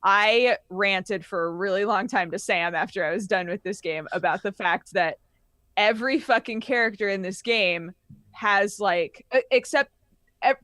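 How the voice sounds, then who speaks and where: This is a woman co-hosting a casual gaming podcast, telling stories with bursts of laughter and plenty of swearing. Her voice sits at a middling pitch. The recording is close and dry, with no room sound. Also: no room sound. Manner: animated, laughing storyteller who swears casually. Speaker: podcast co-host. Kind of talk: casual chat about games.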